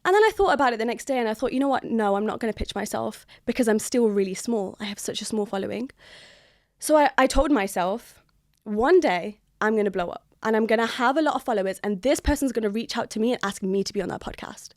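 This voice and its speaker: Lively young woman telling a story. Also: fairly high pitch, fast, no echo, studio quality. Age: 20s. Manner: animated, laughs often, builds suspense. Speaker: guest, YouTuber. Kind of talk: storytelling in a casual interview.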